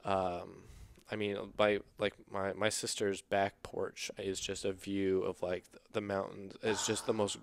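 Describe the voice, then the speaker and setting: A man speaking as a podcast guest in casual conversation, reflective and earnest, pausing often with fillers and restarts. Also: sits low, flat delivery, gravelly, no room sound. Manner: halting, with many fillers and restarts. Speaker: guest, stand-up comedian.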